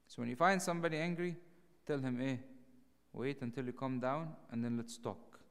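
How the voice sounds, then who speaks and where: A clergyman teaching a Bible study in a lively, animated way, raising his voice to act out the dialogue. His voice sits at an ordinary male pitch. It rings with the long reverb of a large hall. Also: normal speed, clean tone. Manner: animated, acts out dialogue in raised voice.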